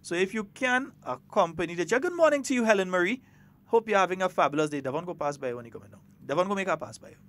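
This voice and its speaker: A man's voice: high voice, lively intonation, fast talker, fairly bright tone. Chatty Grenadian radio host, man. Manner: chatty, playful, mixes creole with standard English. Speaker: radio talk show host. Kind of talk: casual morning radio chat.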